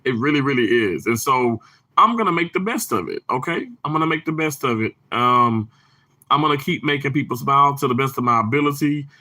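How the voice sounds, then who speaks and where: A man's voice: mid-range voice, animated, brisk, pushed and bright. A man from Mississippi with a Southern accent, hosting a livestream and chatting casually with viewers, bubbly and laughing often. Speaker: livestream host. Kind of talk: casual chat reading viewer comments.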